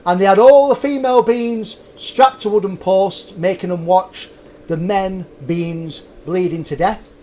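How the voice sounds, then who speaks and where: A man's voice: sits high, a little slow, dark tone. A man hosting a live show, telling a grisly tale in a jokey, rambling way, laughing at his own puns and drifting off topic. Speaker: host. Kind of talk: live storytelling chat.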